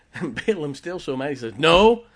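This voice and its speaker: A man's voice: mid-range voice, animated, normal speed, heavy background noise. A man preaching a sermon, retelling a Bible story in a folksy way and chuckling often as he goes.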